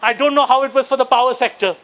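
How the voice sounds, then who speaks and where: A man's voice: very high voice, racing, fairly bright tone. A man in his forties with an Indian English accent, doing a stand-up comedy set and acting out characters with a punchy delivery. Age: 40s. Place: conference hall before a live audience.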